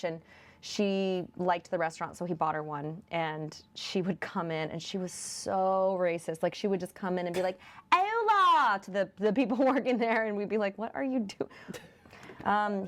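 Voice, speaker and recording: Woman podcaster chatting about a movie, laughs a lot, lots of ums. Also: fairly low pitch. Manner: chatty, laughs often, trails off in fillers. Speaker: podcast host. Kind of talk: casual movie review chat.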